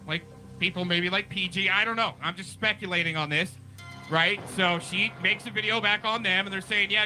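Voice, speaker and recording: A man's voice: high-pitched, pushed and bright, low-quality recording. A man hosting a live stream, rambling and conspiratorial as he talks over a replayed clip. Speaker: stream host. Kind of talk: casual commentary on a restreamed clip.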